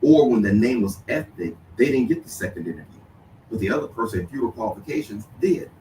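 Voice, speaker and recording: A man's voice: medium pitch, expressive, fast, warm tone, slight background noise. A man appearing as a lawyer guest on a radio show, explaining points with frequent "you know" and "okay". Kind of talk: radio debate. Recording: roomy distant sound with faint ambience.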